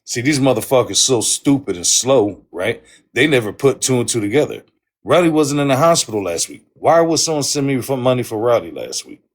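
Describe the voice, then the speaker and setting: This livestream host's mid-range voice swings widely in pitch at a fairly quick pace as he rants angrily about an online feud. Telling his side, he swears heavily and repeats himself in a heated way.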